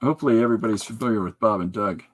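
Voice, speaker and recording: Speaking very fast in a lowish voice, a podcast host rambles through a casual chat. He jokes constantly, laughs often and breaks into impressions.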